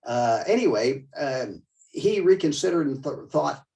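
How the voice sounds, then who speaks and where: An older man giving a conversational, digressive museum talk with slides, often halting mid-sentence. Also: mid-range voice, expressive, creaky, dark tone, distant mic, rough recording. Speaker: museum lecturer. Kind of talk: slide-show history talk.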